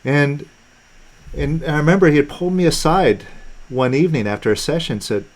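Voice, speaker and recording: A man hosting a live online teaching session, talking in a relaxed, conversational way with fillers and restarts. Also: a little high, a little fast. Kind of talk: casual teaching talk on a video call. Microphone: video call.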